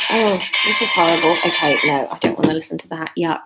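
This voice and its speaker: A woman in her thirties live-streaming a reading of her own novel from her living room, self-mocking and quick to laugh at herself. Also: fairly low pitch, bright, forceful tone.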